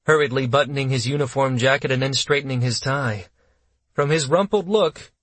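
A man reading an audiobook in steady, measured scripted narration, close to the mic. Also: medium pitch, no echo.

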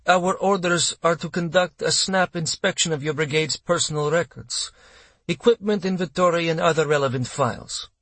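A man's voice: on the high side, normal speed, a bit bright, no echo, voice pushed up. A man reading an audiobook, voicing a cold, commanding female army colonel with a clipped, hard and contemptuous manner. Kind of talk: audiobook character voice.

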